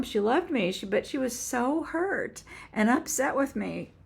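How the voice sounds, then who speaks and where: A woman in her seventies telling a heartfelt personal faith story on her own channel, halting and earnest with frequent restarts. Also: fairly high pitch, big pitch swings, vocal fry, husky. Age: 70s. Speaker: author and YouTuber. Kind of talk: personal faith testimony vlog.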